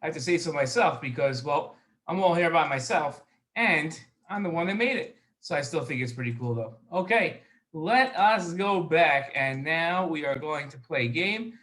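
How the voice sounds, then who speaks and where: A man's voice: on the high side, expressive, moderate pace, a bit bright. A man hosting a children's educational show, upbeat and enthusiastic, repeating phrases for young viewers while recording on his own. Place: alone in a recording space.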